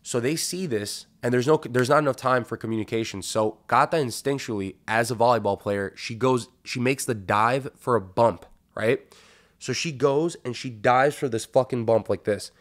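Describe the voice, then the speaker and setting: Profane, animated male podcast storyteller. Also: mid-range voice, moderate pace. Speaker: podcast host. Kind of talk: casual storytelling.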